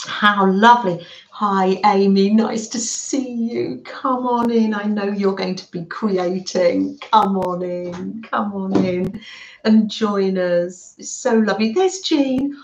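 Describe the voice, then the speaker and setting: A British woman hosting a live craft stream, warmly welcoming viewers by name and chatting as she works. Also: medium pitch, fairly even intonation, slow, echoey room, dull audio, a little hiss or hum. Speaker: craft livestream host.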